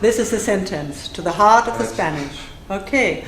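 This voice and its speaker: A woman teaching a live class, playful and self-mocking, drilling phrases slowly and then fast. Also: mid-range voice, lively intonation, a bit bright, slight background noise. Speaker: Spanish teacher. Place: classroom with audience. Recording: echoey room with faint ambience.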